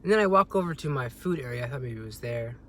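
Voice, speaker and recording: A young man telling a story on a vlog as a rambling, agitated rant, with sudden loud jumps in pitch. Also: expressive, quick pace, slight background noise. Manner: rambling, with many restarts. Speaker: vlogger.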